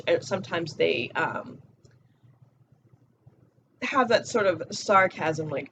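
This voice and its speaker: A woman's voice: fairly low pitch, slow pace, a bit bright, lo-fi sound, a little hiss or hum. A woman giving a casual motivational talk as a spiritual coach, blunt and profane, repeating her key phrases.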